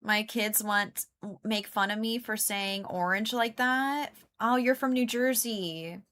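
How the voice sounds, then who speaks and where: Woman streamer, casual live chat, slow and bright, rambling and giggly. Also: mid-range voice. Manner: chatty, laughs often, greets and answers chat; rambling, many "like" fillers.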